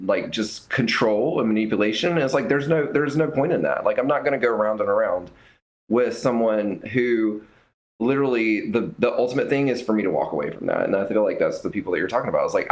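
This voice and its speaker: Earnest halting man, lowish voice. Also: rough recording. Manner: earnest, halting, many fillers. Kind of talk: casual livestream chat.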